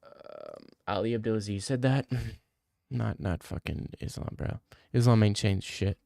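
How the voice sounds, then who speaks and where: A man's voice: fairly low pitch, lively intonation, a little slow, creaky, dark tone, no echo, clean studio sound. Brash, sweary young man streaming. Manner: brash, joking, swears a lot. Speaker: streamer answering chat. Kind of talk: casual live-stream chat.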